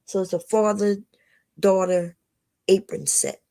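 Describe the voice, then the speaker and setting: A woman's voice: mid-range voice, fairly even intonation, slow, creaky, warm tone. An older woman hosting a casual livestream, talking bluntly and lecturing her viewers, often calling them y'all. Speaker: livestream host.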